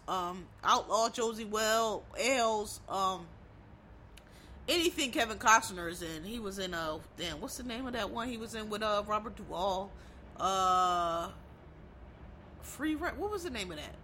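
A woman talking straight to camera about films, blunt and swearing freely, with plenty of emphatic repetition and rambling side-thoughts. Her voice sits a bit high and has a bright, sharp edge. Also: slight background noise. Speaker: vlogger reviewing films and shows. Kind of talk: casual opinionated commentary.

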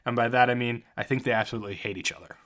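A man's voice: medium pitch, very fast, a bit bright. A young man hosting a solo sports podcast, talking in a jokey, rambling and self-mocking way. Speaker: podcast host.

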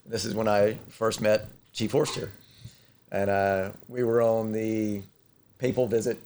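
A man's voice: on the low side, unhurried, slight background noise. A man in casual conversation, telling stories and acting out the voices of the people in them. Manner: animated storyteller who acts out quoted voices. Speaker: inventor of a firefighter rescue board.

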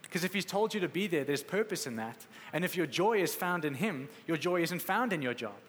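Preaching in an echoey hall with faint ambience, a man delivers a conversational, emphatic sermon and acts out quotes along the way. His voice is fairly high and animated, his pace brisk, with slight background noise.

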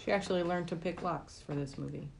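A woman co-hosts a podcast in casual chat, dropping dry, deadpan asides into the talk. A faint noise sits behind her voice. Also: lowish voice, fast talker, vocal fry.

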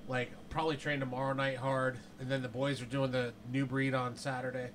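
A man co-hosting a podcast in casual chat, talking excitedly and often rambling or trailing off mid-thought. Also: mid-range voice, a little fast, slight background noise. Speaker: podcast co-host.

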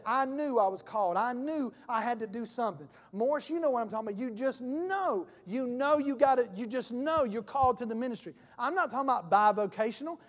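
A folksy man pastor preaching a sermon, dropping into little acted voices as he tells his stories. His voice sits high, and a long reverb trails after it in the church.

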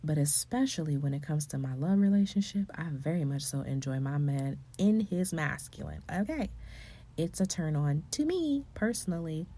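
Low, warm woman giving a faith pep talk. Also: animated, normal speed. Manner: earnest, coaching, sometimes breathy and hushed, then rising into emphatic exclamations. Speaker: faith and relationship speaker. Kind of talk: motivational faith talk to women.

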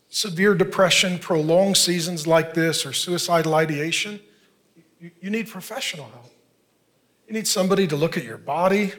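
Man, 50s, pastor, high voice, earnest conversational sermon, quick asides.

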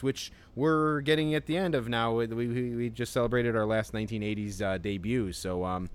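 A man co-hosting a casual podcast, rambling in halting bursts, swearing freely and laughing often. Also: lowish voice, smooth. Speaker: podcast co-host. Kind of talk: casual chat.

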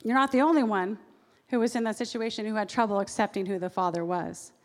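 A woman pastor giving a sermon in a church, lively and acting out the voices she quotes. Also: mid-range voice, quick pace. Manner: animated, acts out quoted voices. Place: church sanctuary. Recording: long reverb of a large hall.

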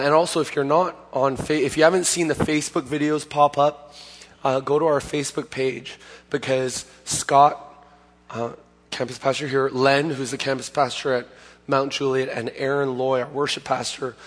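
A hoarse male pastor gives a casual, plain-spoken sermon at a middle pitch, often restarting and correcting himself mid-sentence. His voice rings with a long reverb that fills a church sanctuary. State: hoarse, recovering from lost voice. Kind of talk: conversational sermon.

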